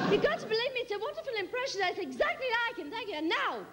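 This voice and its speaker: Brief: woman comic, high lively voice, compère patter, live onstage with music. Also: big-room sound, a crowd in the background, noisy background. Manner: brisk showbiz compère patter, mock-grand. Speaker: comedian performing a one-woman show. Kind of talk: live stand-up with impressions. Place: London theatre stage.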